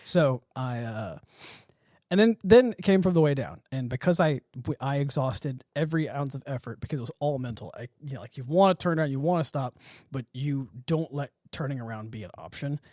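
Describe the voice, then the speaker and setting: A man hosting a podcast, telling a story with animated energy, swearing and laughing. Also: mid-range voice, a little fast, no echo, studio quality. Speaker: podcast host. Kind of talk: casual chat.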